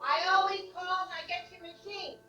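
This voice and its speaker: A woman playing a brassy, energetic middle-aged mother who talks theatrically. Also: very high-pitched, moderate pace, faint music behind. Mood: indignant. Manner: theatrical, exclaiming. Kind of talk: stage play acting. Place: theater stage. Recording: dull lo-fi echoey stage recording.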